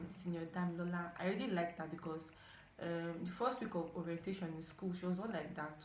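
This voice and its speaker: A young woman in her twenties with a Nigerian accent, telling a storytime vlog in an animated way with dramatic outbursts. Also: fairly low pitch, a little hiss or hum. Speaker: storytime vlogger. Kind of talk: casual storytelling to camera. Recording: echoey room.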